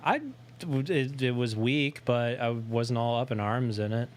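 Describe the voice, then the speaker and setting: A man's voice: mid-range voice, a little slow. A young man co-hosting a podcast in casual chat, rambling and swearing often. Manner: swears a lot, rambling, animated put-on voices. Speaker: podcast co-host. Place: home studio.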